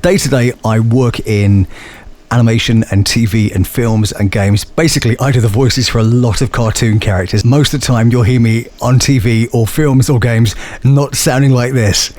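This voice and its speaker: Male voice actor, eager and self-deprecating, ordinary mid pitch, interview chat. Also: fairly even intonation, normal speed, darkish tone. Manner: enthusiastic, self-mocking. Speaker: voice actor and guest.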